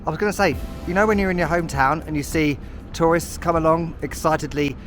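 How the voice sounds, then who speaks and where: A man's voice: on the high side, steady tone, quick pace, faint music behind. Chatty British man vlogging on foot. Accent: British English. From United Kingdom. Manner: chatty, self-mocking, sarcastic asides. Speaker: travel vlogger. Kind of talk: walking travel vlog. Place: outdoors on city streets.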